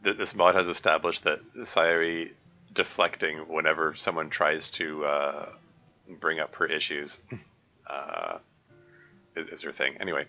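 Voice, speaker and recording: A man's voice: rumbling low, animated, unhurried, pushed and bright, lo-fi sound, soft background music. A man commenting on his live stream, hesitant and rambling with many fillers and restarts and chuckling often. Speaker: streamer reading a game mod.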